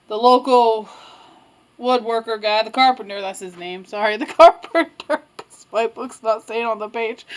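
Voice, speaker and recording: A woman with a high voice tells a children's story aloud in an easy, chatty way. She breaks off for asides and apologies as she goes, like a student teacher rehearsing a lesson. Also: rough recording. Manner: chatty, self-interrupting, with asides and laughs. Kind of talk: casual read-aloud storytelling.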